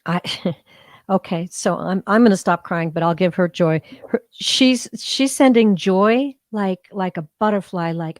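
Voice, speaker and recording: A woman co-hosting a live psychic reading, speaking in a halting, emotional way with long pauses. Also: medium pitch, no echo, clean studio sound. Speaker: psychic medium co-host.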